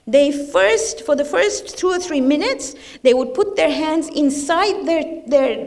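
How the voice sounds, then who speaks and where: A woman's voice: high-pitched, a little mellow. A woman speaking at a religious gathering, talking informally and often putting questions to the audience. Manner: conversational, asks the audience questions.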